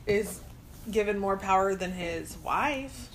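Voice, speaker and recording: A woman's voice: mid-range voice, slow pace, slight background noise, poor audio. Chatty, teasing woman podcast co-host. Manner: chatty, laughs often, teasing. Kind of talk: casual chat.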